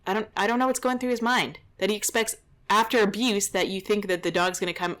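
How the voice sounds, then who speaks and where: Woman dog trainer, mid-pitched, reacting to footage with indignant, exasperated commentary. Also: steady tone, fast, a bit bright. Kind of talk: reaction commentary over a video.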